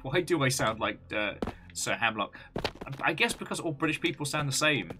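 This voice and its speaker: A man's voice: mid-range voice, lively intonation, moderate pace, music in the background. A man hosting a gaming video, chatting through gameplay commentary with joking asides.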